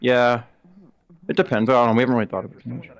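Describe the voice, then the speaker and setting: A male streamer chats loosely with friends during a VR role-play session, breaking into laughter between quick jokes. His voice sits at an ordinary middle pitch. It comes through close on a headset mic. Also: flat delivery. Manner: laughs often, quick jokey banter.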